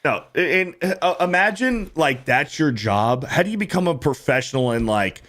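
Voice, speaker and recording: A man with a slightly higher voice hosting a casual podcast. He rants hard and swears freely. He jumps into mocking impressions, pitching his voice up. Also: moderate pace. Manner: animated ranting, swears a lot, mimics people in a higher voice. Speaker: podcast host.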